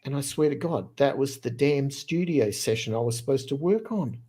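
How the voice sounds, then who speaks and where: A man in his fifties, originally from Australia, telling a personal story as a podcast guest in a lively, casual way, often restarting his phrases. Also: mid-range voice, slightly rough. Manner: animated, quick storyteller who restarts phrases.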